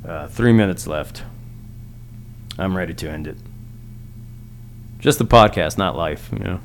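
A man's voice: sits low, unhurried, creaky, a little hiss or hum. Male solo podcast host; crude, rambling comic rant with lots of stammering restarts.

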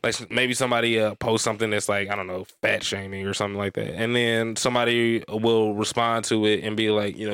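A man's voice: fairly low pitch, little pitch movement, fast talker, few pauses, a bit bright, clear, resonant tone, no room sound, studio quality. A man co-hosting a podcast, telling stories in a rambling, profane, casual way full of "like" fillers. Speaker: podcast co-host. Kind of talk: casual chat.

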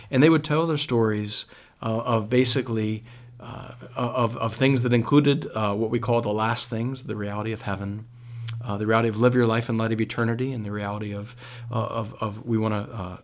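A man, a priest, telling stories as a guest on a radio talk show, animated and full of restarts. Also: medium pitch. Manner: animated storytelling with many restarts. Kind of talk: radio interview.

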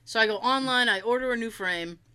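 A young woman co-hosts a casual podcast, telling a story with lively mimicry and frequent laughter. Her voice is bright and slightly high. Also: fairly quick, clear, resonant tone. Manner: animated storyteller, laughs often, mimics others in quotes. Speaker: podcast co-host. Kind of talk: casual chat.

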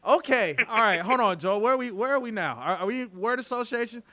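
Hyped, lively radio show host. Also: male voice, extremely high pitch, brisk, no room sound. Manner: hyped, enthusiastic. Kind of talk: radio interview.

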